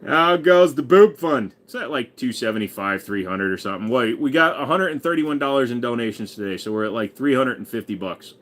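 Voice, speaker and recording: A man's voice: mid-range voice, lively intonation, quick pace, few pauses, a bit bright. A man in his forties hosting a casual livestream, crudely joking and reading viewer messages aloud. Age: 40s. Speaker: livestream host.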